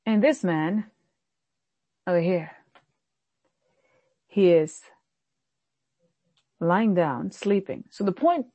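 A woman pastor delivering a sermon in an earnest preaching manner, often dropping low and soft to stress a point. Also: animated, drawn-out words, pauses often, dry recording, muffled recording.

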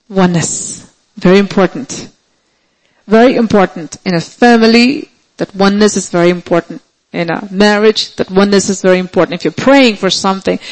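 A man preaching a sermon, emphatic, repeating key phrases and slowing down to stretch words for stress. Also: high voice, rough recording.

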